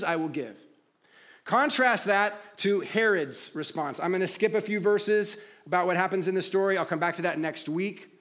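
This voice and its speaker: A man preaching a sermon, conversational, asking rhetorical questions and dropping to a low, quiet voice for emphasis. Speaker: pastor.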